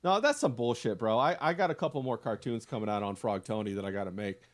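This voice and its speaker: A man's voice: mid-range voice, fast. A man hosting a podcast, chatting in a loose, crude, slang-heavy way with frequent "bro". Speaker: podcast host. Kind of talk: casual banter.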